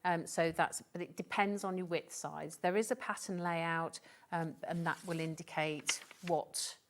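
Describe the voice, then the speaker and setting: A woman's voice: fairly low pitch, fairly even intonation, a little slow. A woman demonstrating sewing on a live shopping show, explaining step by step in a chatty way.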